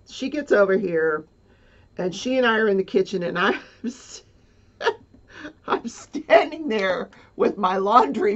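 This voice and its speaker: A livestreamer with a mid-range, slightly bright voice tells a personal story, recorded with dull lo-fi sound. She rambles casually and seems flustered, using many fillers and nervous laughs.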